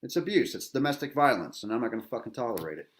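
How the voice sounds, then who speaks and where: A man's voice: medium pitch, very animated, very fast, slight background noise. A middle-aged man, a veteran host, angry and agitated, delivering a bitter, profane rant full of repetition and rhetorical "right?" tags.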